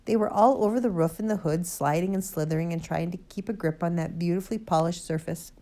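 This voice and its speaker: A woman narrating a children's storybook aloud in an expressive, lively way. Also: fairly low pitch, quick pace. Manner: lively expressive reading, first-person boy narrator. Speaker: audiobook reader.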